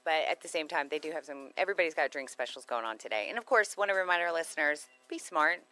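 A woman's voice: sits low, expressive, quick pace, bright, forceful tone. Bubbly chatty radio co-host woman. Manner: bubbly, laughs often, jokey. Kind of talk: casual radio banter.

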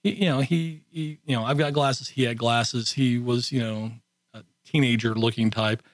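A middle-aged man tells stories in a dry, close radio studio sound, lively and quick to laugh. He acts out the voices of the people he quotes. His pitch sits in the usual middle range for a man. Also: dry recording. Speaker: guest, Army veteran. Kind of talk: casual storytelling.

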